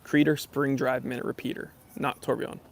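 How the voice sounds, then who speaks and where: A man hosting a casual live-stream Q&A, reading viewer comments and joking around in an animated way. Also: mid-range voice, brisk, vocal fry. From Los Angeles area. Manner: joking, animated, self-deprecating banter. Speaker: YouTube channel host doing a live stream Q&A.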